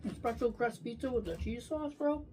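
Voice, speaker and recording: A woman's voice: on the high side, moderate pace, warm tone, a little hiss or hum. Profane ranting woman food vlogger. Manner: profane, ranting, talks while chewing. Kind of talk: casual food review.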